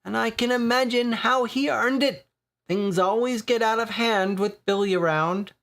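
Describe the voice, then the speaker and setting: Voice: mid-range voice, flat delivery, a little slow, creaky, fairly bright tone, pitched above the performer's own voice. A board game player voicing a grinning, pockmarked Irish man who gossips in a dockside pub. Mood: gossipy, teasing. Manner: chatty, conspiratorial gossip.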